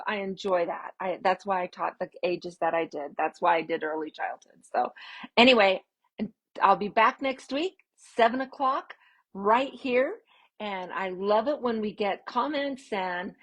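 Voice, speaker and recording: Expressive woman hosting a live video. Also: mid-range voice. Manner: expressive, swooping upbeat emphasis with laughs. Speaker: podcast host and parenting coach. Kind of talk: casual live-stream talk to viewers.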